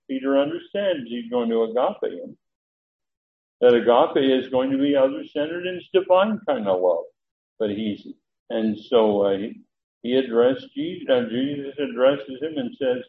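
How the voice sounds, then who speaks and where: A man's voice: medium pitch, phone-quality sound, a little hiss or hum. A man teaching a Bible study, explaining Greek words and acting out the quoted dialogue, with some restarts and fillers as he checks his notes.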